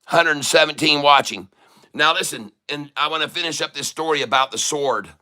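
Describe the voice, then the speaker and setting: Male livestream host, slightly high, smooth voice, chatty rambling storyteller. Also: moderate pace, sharp tone. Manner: rambling, chatty anecdote telling with many restarts. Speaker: livestream day trader and channel host.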